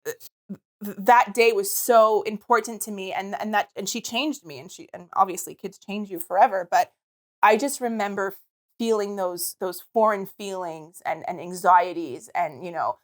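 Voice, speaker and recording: A woman's voice: medium pitch, normal speed. A young woman hosting a podcast, telling a personal story in a rambling, casual way, often quoting herself. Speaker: podcast host.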